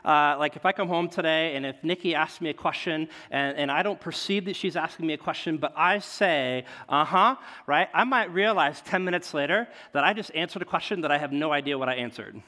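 A pastor delivers a conversational sermon, often checking in with "right?" and swinging between loud emphasis and quiet asides. His fairly high voice moves a little fast with few pauses, and the recording carries long hall reverb.

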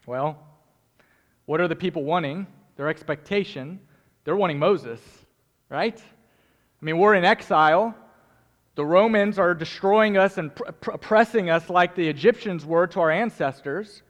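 Animated high-voiced preacher in a hall. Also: male voice, normal speed. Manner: animated, joking, talks to the congregation. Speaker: pastor. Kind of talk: sermon. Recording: long hall reverb.

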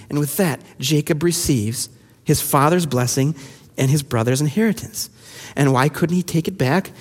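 A man preaching a sermon, reading scripture aloud and explaining it in an animated way, acting out the quoted voices. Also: on the high side, normal speed, slightly rough. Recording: long hall reverb.

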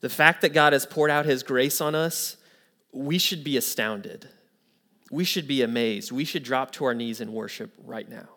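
A man's voice: mid-range voice, normal speed, sharp tone. A man preaching a sermon to his church, telling an anecdote and then pressing home his point earnestly. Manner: storytelling with quoted voices, then earnest preaching. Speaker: pastor.

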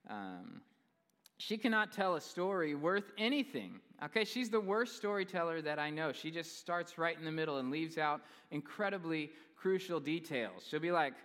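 A young male pastor preaching a sermon in a large church, relaxed and conversational with bits of humorous storytelling. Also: fairly high pitch, moderate pace. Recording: long reverb in a large hall.

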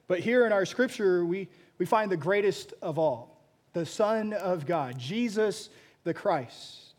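A pastor preaching a sermon, telling a story with frequent restarts and repeated words. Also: male voice, high voice, expressive, slow, darkish tone.

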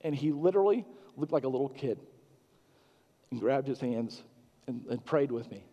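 Halting, warm-voiced male pastor. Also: medium pitch, expressive, long reverb tail. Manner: halting, many restarts and fillers, earnest. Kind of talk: sermon.

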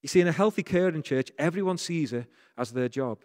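A man's voice: a little high, a little fast, a little mellow, big-room sound. A man with a Northern English accent preaching a sermon as pastor, earnest and repeating phrases for emphasis.

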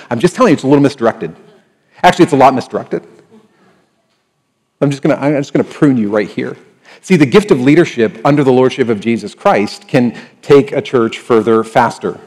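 A man preaching a sermon as a pastor, conversational and animated, acting out little dialogues, often restarting and repeating words. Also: mid-range voice, long reverb tail.

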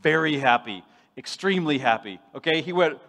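Animated male preacher in a reverberant hall. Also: on the high side, brisk. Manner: animated, playful, swings from loud to hushed. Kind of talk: sermon.

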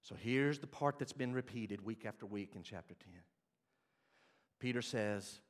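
A man's voice: on the high side, moderate pace. A man preaching a sermon as pastor, animatedly acting out the scripture scenes he teaches.

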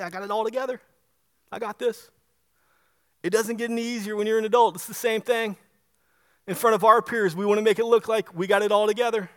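A man's voice: sits high, a bit bright. A man preaching a sermon in an emphatic, conversational way, asking the listeners rhetorical questions. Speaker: pastor.

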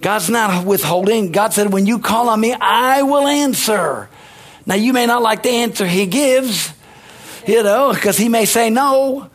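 Husky, high-voiced folksy preacher man. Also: a little slow. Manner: folksy, animated preaching with sudden rises in pitch. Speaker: pastor. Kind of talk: sermon.

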